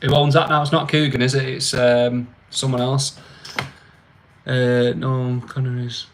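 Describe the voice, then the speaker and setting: A man's voice: medium pitch, little pitch movement, a little slow, noisy background. A young man with a slangy, mocking manner, chatting casually on his own livestream. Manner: slangy, mocking, laughs often. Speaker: livestream host.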